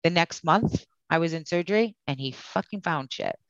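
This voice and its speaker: A woman's voice: low voice, expressive, normal speed, no echo, dull audio. A woman guest telling her story in a candid, conversational way. She speaks bluntly, swears freely and acts out the lines of the people in her story.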